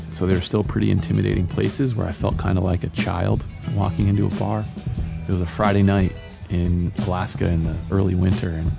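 Low gravelly man telling a story. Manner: relaxed first-person storytelling with casual fillers. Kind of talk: personal storytelling over music. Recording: guitar music behind voice.

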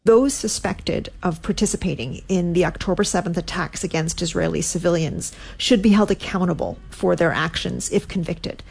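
A woman with a low, gravelly voice speaks firmly and with emphasis in an interview clip. There is a husky edge to her tone. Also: moderate pace, few pauses, a little mellow. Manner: firm, emphatic. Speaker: human rights advocate.

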